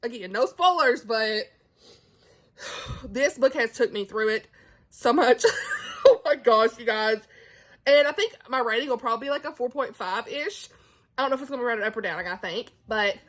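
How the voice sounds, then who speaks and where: A woman's voice: on the high side, a bit bright. A woman vlogging casually into her phone camera at home, gushing and laughing about a book. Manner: gushing, emotional, laughs often, says like a lot. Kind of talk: casual reading vlog to camera. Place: at home indoors.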